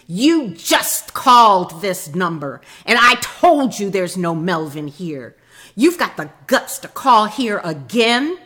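A woman voicing an angry grown man snapping at a caller on the phone, loud and curt, as part of a told joke. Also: mid-range voice, very animated, slow pace, full character voice. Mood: heated.

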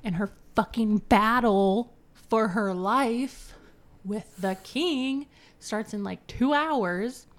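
A woman's voice: a little high, takes it slowly. A woman co-hosting a podcast, recapping a novel in casual chat, swearing freely and acting out the characters' lines. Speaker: podcast co-host.

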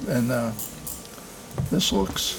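A man hosting a casual beer tasting with friends at home, talking in a halting way full of fillers and restarts. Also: medium pitch, animated, background noise. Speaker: host.

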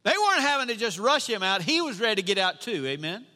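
A man's voice: sits high, very animated, quick pace, bright, forceful tone. A man preaching a sermon as a pastor, emphatic, repeating his lines and asking the congregation questions. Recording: long reverb of a hall.

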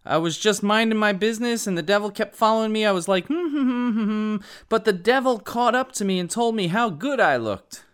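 Guy doing a high loud sassy lady who swears the devil made her do it, smooth voice. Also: a little fast, hardly any pauses. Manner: high-pitched, loud, animated retorts. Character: sassy woman blaming the devil for her shopping. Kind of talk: comic retelling within a sermon.

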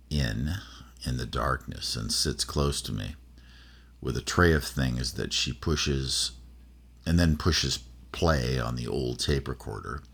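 Casting note: middle-aged man, very deep, slow, husky, halting fireside storytelling. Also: fairly bright tone. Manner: rambling, halting, many fillers and restarts. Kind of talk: personal storytelling.

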